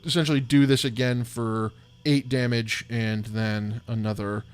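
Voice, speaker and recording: A man's voice: mid-range voice, little pitch movement, clean tone. A man running a tabletop game as dungeon master, narrating combat and often correcting himself. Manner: apologetic, self-correcting, quick rules talk.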